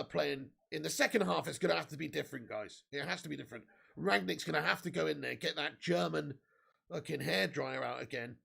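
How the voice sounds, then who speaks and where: A man hosting a live football watch-along, swinging from low grumbling to excited shouting, swearing often. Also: creaky, breathy edge.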